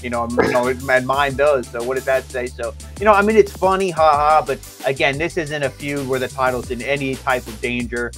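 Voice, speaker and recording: Male wrestling reviewer, profane and chatty, mid pitch, faint music bed. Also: steady tone, fairly quick, hardly any pauses, a bit bright. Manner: profane, mimics wrestlers' lines in quotes. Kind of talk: casual chat.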